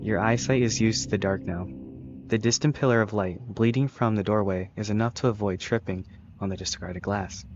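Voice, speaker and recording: A man's voice: lowish voice, steady tone, normal speed, muffled recording, music in the background. A man casually reading a visual novel aloud, stumbling over words and correcting himself. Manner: casual, self-correcting, joking asides. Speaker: let's-play reader.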